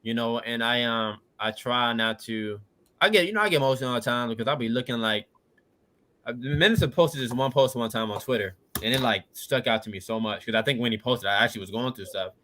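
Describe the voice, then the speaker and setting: This podcast guest, a man in his late twenties from Washington DC, talks fast in a mid-range, fairly bright voice. He recounts his life story in an easygoing, sincere way, often saying "you know what I'm saying."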